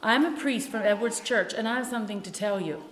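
A woman's voice: a little high, brisk, lightly acted. Solemn grateful priest, read by a woman, storybook, hall reverb. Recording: echoey room with long reverb.

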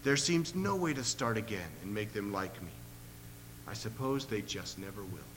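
Man reading sullen, hurt boy, muttering; bright tone, hall echo. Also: fairly low pitch, expressive, normal speed, a little hiss or hum. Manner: sullen, muttering, near tears. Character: sullen, hurt young boy, lonely and downcast.

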